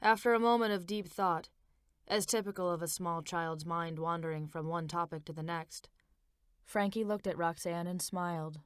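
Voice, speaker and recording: A woman author narrating her own novel as an audiobook, in a measured, expressive reading. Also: lowish voice, smooth, no echo, clean studio sound.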